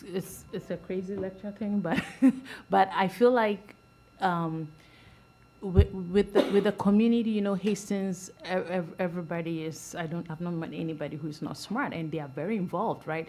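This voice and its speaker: A middle-aged woman on a school board speaking earnestly at a public meeting, rambling with many restarts and soft laughs. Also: fairly low pitch, a little hiss or hum.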